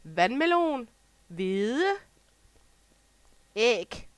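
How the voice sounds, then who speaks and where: Brief Danish-accented woman gamer, rambling, giggly streamer chat, a touch higher in pitch. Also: big pitch swings, drawn-out words, clean tone, no echo, low-quality recording. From Southern Jutland, Denmark. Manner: chatty, rambling, laughs often. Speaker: gaming streamer. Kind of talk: casual chat while playing.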